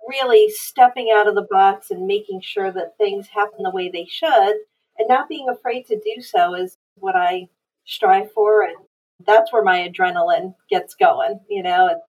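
A woman's voice: mid-range voice, sing-song, unhurried, creaky, a little mellow. A woman guest speaking earnestly about her work in an interview. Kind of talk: interview answers. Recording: heard from a distance.

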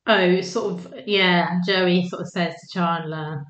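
Brief: woman co-host, lowish voice, easygoing rambling chat, echoey room. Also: fairly even intonation, slow, fairly bright tone. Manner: chatty, agreeable, trails off with fillers. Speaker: podcast co-host. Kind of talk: casual chat. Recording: roomy, slightly dull sound.

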